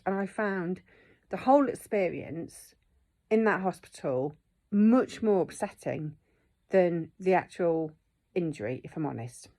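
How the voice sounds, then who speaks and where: A woman's voice: on the low side, expressive, measured pace, dark tone. A middle-aged woman, telling a personal story in a candid, emotional vlog and swearing freely. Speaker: vlogger.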